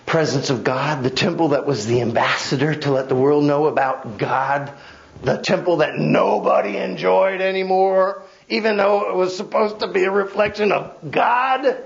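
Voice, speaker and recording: A male pastor preaching a Bible study in a church, mid-pitched and emphatic, mixing fervor with dry, joking asides. The recording is a little dull and muffled, with a faint hiss behind him. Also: creaky.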